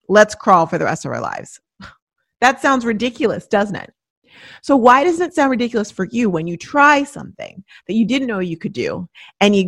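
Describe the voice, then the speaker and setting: A middle-aged woman talking as a podcast host and coach, giving a lively motivational monologue and acting out the voices she quotes. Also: medium pitch, normal speed, creaky, no room sound, studio quality. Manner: animated, acts out inner voices and quotes.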